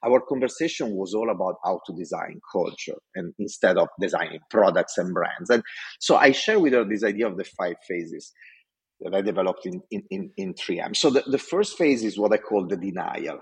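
Passionate man, husky voice. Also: sits low, moderate pace. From Italy. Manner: passionate, animated. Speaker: design executive speaker. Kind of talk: storytelling talk.

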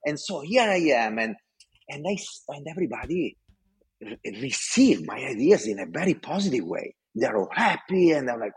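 A man's voice: fairly high pitch, moderate pace, slightly rough. A middle-aged man from Italy, a design executive telling a story with passion. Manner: passionate, animated. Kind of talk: storytelling talk.

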